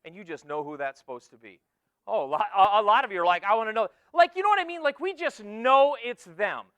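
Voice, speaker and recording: A man in his forties giving an energetic motivational keynote talk to students, joking and teasing the crowd, swinging from loud bursts to hushed asides. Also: high voice, fast talker, smooth, no room sound. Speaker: keynote speaker. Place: conference hall with a student audience.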